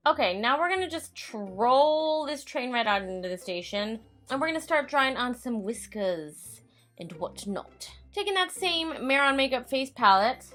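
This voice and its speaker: In this casual makeup tutorial voice-over, a woman with a slightly high, somewhat bright voice chats away, pokes fun at herself, swears freely, and narrates to herself as if watching from outside. She's a makeup vlogger.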